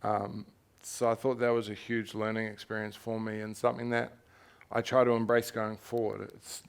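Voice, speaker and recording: A creaky yet smooth, low-side voice with little pitch movement comes from this young New Zealander, speaking at normal speed. He's an author candidly conversing live on stage at a festival, animated and frank, laughing and dropping the occasional swear word.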